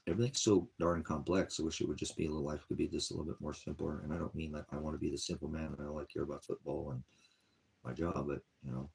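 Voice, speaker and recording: A man's voice: a bass voice, steady tone, quick pace, a little mellow. A man hosting an online ministry, talking wearily and rambling about his troubles in a casual vlog. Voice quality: gravelly, husky. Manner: weary, sighing, drifts between topics. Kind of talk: rambling personal vlog talk.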